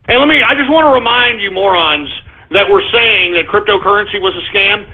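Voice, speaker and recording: Man, radio host, ranting monologue, exasperated, stammering, gravelly, tinny phone-like sound. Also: high voice, normal speed. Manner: exasperated, cursing, talks to "folks", stammering restarts.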